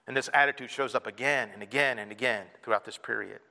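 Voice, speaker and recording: A man preaching a sermon to his congregation, animated and playful, acting out whiny kids and an annoyed parent. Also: mid-range voice, quick pace, gravelly. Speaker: pastor. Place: church hall. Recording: reverberant hall.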